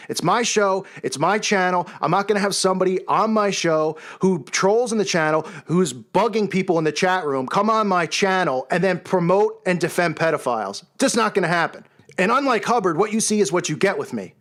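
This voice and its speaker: High-pitched man ranting angrily. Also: expressive, fairly quick. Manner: yells and raises his voice, scornful. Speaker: channel host. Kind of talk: angry monologue rant.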